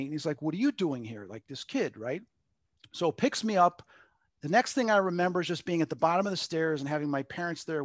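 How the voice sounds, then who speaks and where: A man's voice: on the high side, dry recording, studio quality. A middle-aged man from Long Island, a medium and interview guest, telling a personal story in a rambling way and acting out quotes. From Long Island, New York. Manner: rambling, acts out quotes with lots of "like".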